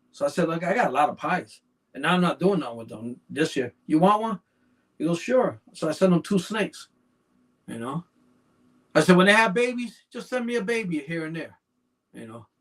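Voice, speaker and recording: A man's voice: a little high, a bit bright. A man chatting as a podcast guest, telling long rambling stories peppered with "you know". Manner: rambling storyteller, constant "you know" fillers. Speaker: podcast guest, snake breeder. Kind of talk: casual anecdotal chat.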